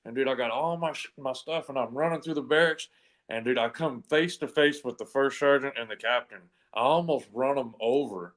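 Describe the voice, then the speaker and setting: A man's voice: mid-range voice, brisk, fairly bright tone. A man telling a long story in casual chat, rambling with lots of "and anyway" fillers and easy swearing. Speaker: comedy podcast co-host telling a story.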